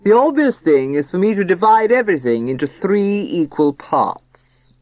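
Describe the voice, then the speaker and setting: A woman voicing a pompous, solemn rich businessman father in an audiobook, speaking slowly and weightily. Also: lowish voice, sing-song, a little mellow, no echo, voice pushed up. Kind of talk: audiobook character voice.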